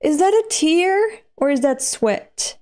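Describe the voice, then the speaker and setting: A woman reading a manga aloud and reacting with expressive, animated commentary that jumps high when she is moved. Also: slow. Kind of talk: emotional read-along reaction.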